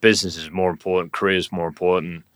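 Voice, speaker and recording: A man's voice: low voice, little pitch movement, fast, fairly bright tone, dry recording, studio quality. A man hosting an interview, affirming his guest with frequent short hums. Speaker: podcast host. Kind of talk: interview conversation.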